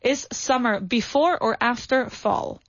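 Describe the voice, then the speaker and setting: Upbeat woman English teacher, encouraging, bit high; muffled, dry recording. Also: measured pace, dry recording. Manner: upbeat, encouraging, corrects pronunciation. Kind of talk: classroom language lesson. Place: studio.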